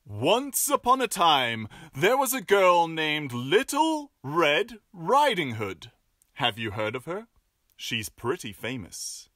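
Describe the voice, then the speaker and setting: A storyteller reading a fairy tale aloud with playful asides and expressive delivery. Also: mid-range voice, slow pace, dry recording, clean studio sound.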